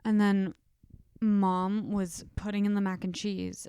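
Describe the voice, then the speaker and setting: A woman's voice: medium pitch, level tone, a little slow, dark tone, smooth. Chatty young woman cutting in with her side. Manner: chatty, adds detail, cuts in to correct. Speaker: podcast co-host. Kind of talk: casual storytelling chat.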